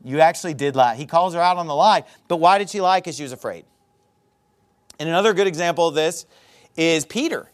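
A man's voice: on the high side, brisk, pauses often. A man preaching a sermon as pastor, emphatic and repetitive, hammering his points home.

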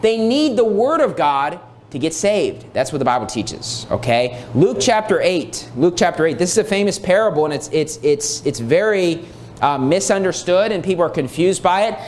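A man's voice: high-pitched, very animated, moderate pace, a little hiss or hum. A man preaching a sermon, reading scripture aloud and repeating key phrases for emphasis.

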